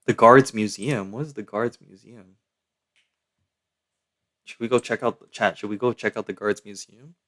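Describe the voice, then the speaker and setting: Young dude rambling to his stream chat, slangy, lowish voice. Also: steady tone, normal speed, long pauses, a bit bright. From Canada. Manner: slangy and chatty, full of "yo" and "like". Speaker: live streamer. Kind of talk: casual live-stream commentary.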